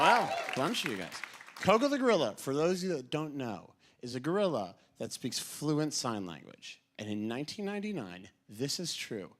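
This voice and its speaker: A young man doing a stand-up comedy routine on a club stage, telling stories and acting out characters. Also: on the high side. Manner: animated storytelling, acting out characters. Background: audience laughter.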